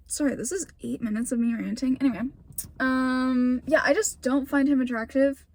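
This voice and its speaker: A woman's voice: high-pitched, steady tone, normal speed, darkish tone. A young woman telling a rambling, swear-filled casual story to her camera while driving, full of fillers. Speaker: vlogger. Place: in a car.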